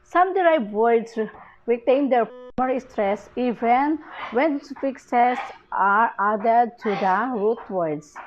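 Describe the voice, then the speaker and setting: A woman's voice: a little high, expressive, slow pace, slight background noise. A young woman giving a class presentation, hesitant, with many fillers and restarts. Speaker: student presenting a lesson. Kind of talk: classroom presentation on word stress. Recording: dull lo-fi recording.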